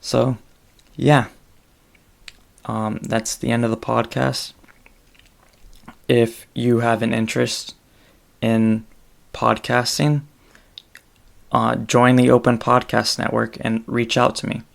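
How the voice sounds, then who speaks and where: A man hosting his own solo podcast, talking in a rambling, halting way with many fillers. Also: medium pitch, flat delivery, vocal fry. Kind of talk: casual solo podcast monologue.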